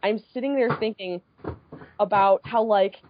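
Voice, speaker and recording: A woman in her twenties from the Midwest, co-hosting a podcast and telling a story in a casual, animated way with frequent swearing. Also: medium pitch, a little slow, highs cut off, a little hiss or hum. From American Midwest. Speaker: podcast co-host.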